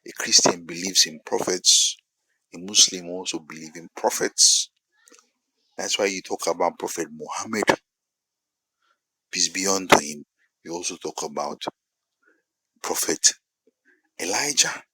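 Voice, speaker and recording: A man with a Nigerian English accent preaching a sermon-style monologue, repeating phrases for emphasis and building to loud peaks. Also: low voice, unhurried, long pauses, breathy edge, no room sound, rough recording.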